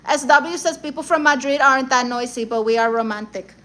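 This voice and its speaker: Loud, brash young woman, high bright voice. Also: a little fast, low-quality recording. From Puerto Rico and Guatemala. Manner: loud, brash and exclamatory, mixing in Spanish slang. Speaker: livestream comedian reading viewer comments. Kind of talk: sassy comedic livestream chat in character.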